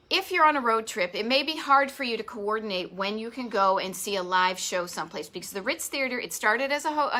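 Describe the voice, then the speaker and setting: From her home garage office, a woman with a Boston accent hosts a retro travel live stream, her voice a little high, bright, and forceful. Her chatty monologue is enthusiastic and rambling, full of asides.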